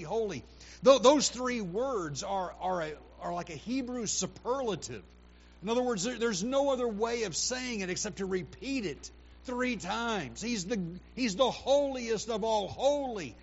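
A man preaching a sermon, animated, with emphatic raised quotations and frequent restarts. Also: high voice. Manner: animated preaching, rising to loud emphatic quotes. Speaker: pastor. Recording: dull lo-fi recording with faint hum.

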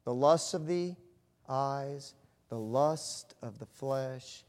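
A middle-aged pastor, a man, preaching with animated storytelling that swings from hushed to loud. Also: medium pitch, takes it slowly. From United States. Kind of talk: sermon.

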